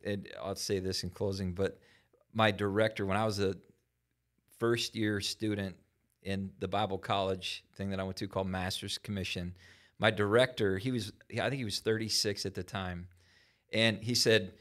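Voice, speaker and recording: A man's voice: fairly low pitch, steady tone, a little fast. A man hosting a church talk show as pastor, telling stories in a folksy, encouraging way. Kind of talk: casual chat.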